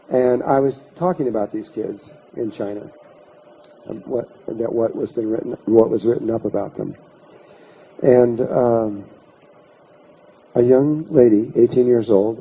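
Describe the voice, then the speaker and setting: A man with a medium-pitched, slightly rough voice gives a workshop talk built around one long story, acting out what people said. His delivery is anecdotal, full of restarts as he voices the quotes himself. It's a storytelling lecture captured on a dull lo-fi recording.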